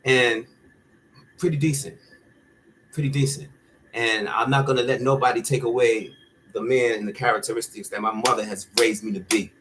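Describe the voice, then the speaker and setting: A man's voice: medium pitch, flat delivery, fairly quick, a bit bright, slight background noise, poor audio. A man talking straight to the camera in a candid rant, blunt, profane and heated. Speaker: vlogger.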